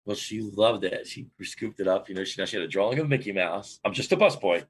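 A man guest on a podcast, telling a long personal story in an animated way with big swings in pitch. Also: brisk, slight background noise. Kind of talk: storytelling interview.

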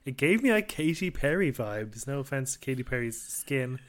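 A man co-hosting a casual podcast, relaxed and enthusiastic as he leads the review segments. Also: medium pitch, normal speed, slight background noise. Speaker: podcast co-host. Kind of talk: casual chat.

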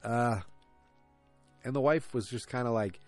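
A man's voice: mid-range voice, measured pace, a little mellow, soft background music. A man hosting a podcast, recapping an episode in a casual, rambling way with jokes and asides. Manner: rambling, jokey, self-interrupting. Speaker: podcast host.

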